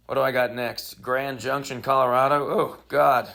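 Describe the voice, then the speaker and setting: Man, comedy podcast host, gravelly voice, mid-pitched, rambling deadpan storytelling. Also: brisk, hardly any pauses. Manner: rambling, deadpan, crude jokes. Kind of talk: casual storytelling monologue.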